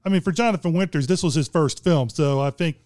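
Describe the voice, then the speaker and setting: A man's voice: fairly high pitch, fast, a little mellow, no echo, studio quality. A man co-hosting a casual film chat, rambling and hesitant, with many restarts. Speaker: podcast co-host discussing films.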